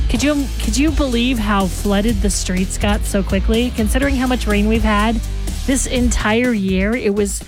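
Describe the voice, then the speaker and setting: A woman hosting a morning radio show, chatting casually and rambling straight to her listeners. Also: a little high. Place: radio studio. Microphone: studio microphone.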